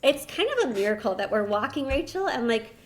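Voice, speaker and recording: A woman's voice: fairly high pitch, very animated, fairly quick, a little hiss or hum. A woman in her thirties, a podcast guest and language teacher, tells a personal story in a casual, chatty way, peppering her speech with "like" and "you know.".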